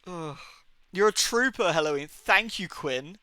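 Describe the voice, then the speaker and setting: A man streaming a game, commentating live in an animated, self-mocking way and laughing often. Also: high voice, unhurried, smooth, dry recording.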